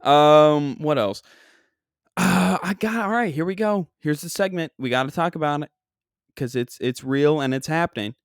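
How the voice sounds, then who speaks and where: Man, podcast host, comic storytelling, rambling, self-deprecating, smooth clear voice, dry sound. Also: a little high, moderate pace, dry recording. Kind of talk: comedic storytelling. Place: New York.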